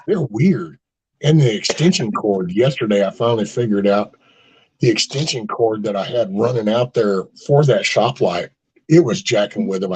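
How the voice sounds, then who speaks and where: A man's voice: fairly low pitch, darkish tone, husky, rough recording. A man hosting a casual chat, rambling through folksy stories with mild cursing and acted-out quotes. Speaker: host of a casual live chat.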